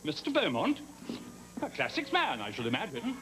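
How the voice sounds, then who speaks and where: A man's voice: a little high, wildly swooping pitch, moderate pace, soft background music, poor audio. An actor playing a fussy, earnest male maths teacher, prim and indignant. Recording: loud audience laughter behind.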